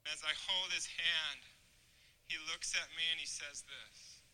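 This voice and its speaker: A man gives a testimony with earnest, dramatic pacing. His voice sits high and rings very bright. He lets pauses do the work. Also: fairly even intonation, rough recording. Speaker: speaker giving a testimony. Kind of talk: emotional storytelling testimony.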